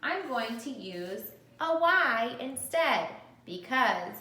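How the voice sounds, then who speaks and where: Slow, bright-voiced woman teaching phonics. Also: a little high, very animated, reverberant. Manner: slow, patient, clearly sounding out letters. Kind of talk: phonics lesson for young children. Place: classroom or room with a board.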